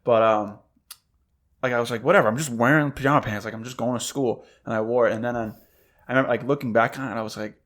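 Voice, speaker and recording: Animated man telling stories on a podcast. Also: medium pitch, fast. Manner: animated storytelling, acts out quotes. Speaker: podcast co-host. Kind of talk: casual chat.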